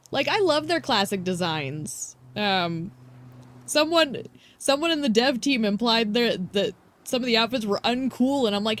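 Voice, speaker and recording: A woman's voice: fairly high pitch, expressive, measured pace. A young woman streamer giving casual game commentary, gushing and giggly with playful drama.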